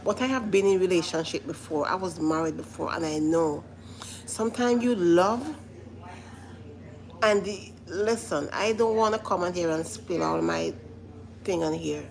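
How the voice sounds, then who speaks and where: A woman's voice: on the low side, measured pace, creaky, low-quality recording. A woman giving casual commentary to live viewers, earnest and repetitive, often stopping to say listen. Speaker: vlogger reacting to a reality show.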